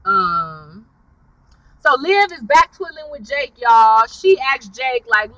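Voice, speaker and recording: A woman's voice: high-pitched, big pitch swings, takes it slowly, a bit bright, no echo, far from the mic, low-quality recording. A woman giving a casual, chatty recap of a TV episode, talking straight to her viewers and calling them y'all. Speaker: TV recap vlogger.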